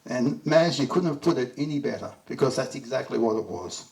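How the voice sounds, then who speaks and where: Creaky and darkish, this middle-aged Australian man's medium-pitched voice moves a little fast with lively intonation as he eulogizes someone at a memorial. He tells affectionate anecdotes, chuckling along, and sounds distant from the microphone.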